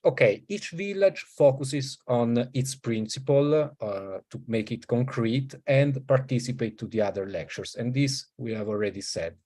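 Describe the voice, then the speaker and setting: Italian male host with a mid-pitched voice, halting, introducing a lecturer online. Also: lively intonation, warm tone. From Italy. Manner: hesitant, thinking aloud. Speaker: school coordinator, session host. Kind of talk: online welcome talk.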